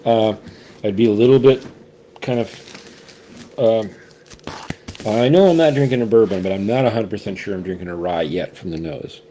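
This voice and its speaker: A man's voice: fairly low pitch, normal speed, pauses often, mellow, a little hiss or hum. A man hosting a casual whiskey tasting chat, rambling and restarting often as he shares his impressions. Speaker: whiskey reviewer, co-host.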